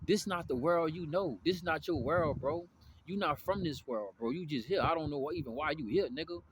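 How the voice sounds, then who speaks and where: A man putting on a young boy's voice, a little brother who talks blunt and slangy and sounds matter-of-fact and knowing. the voice sits a bit higher than the man's own, with an ordinary, everyday tone. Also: a little fast, noisy background, close to an everyday voice.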